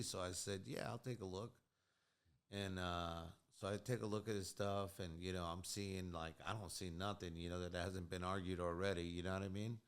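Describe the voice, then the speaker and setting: A man telling a prison story in casual chat, animated and laughing as it builds. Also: sits low, normal speed, smooth. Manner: animated, laughs through his own story. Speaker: guest, former prisoner.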